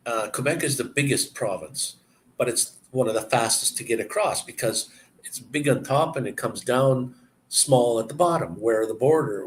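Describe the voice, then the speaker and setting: A man's voice: mid-range voice, a little hiss or hum, rough recording. Rambling chatty man on a live stream. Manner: rambling, chuckling, chatty storyteller. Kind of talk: casual live-stream chat.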